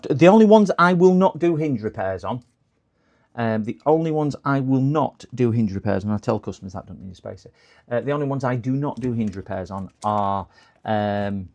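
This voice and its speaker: A man's voice: lowish voice, moderate pace, a little mellow. A man doing a laptop repair on a live stream, talking to his viewers in a chatty, joking and self-deprecating way as he works. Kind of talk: livestream repair commentary.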